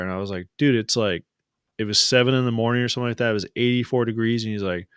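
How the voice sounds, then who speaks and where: A man's voice: medium pitch, steady tone, quick pace, smooth, no echo, studio quality. Chatty man hosting a casual hangout. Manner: chatty storyteller, laughs often, restarts mid-sentence. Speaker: host. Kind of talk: casual live-stream chat.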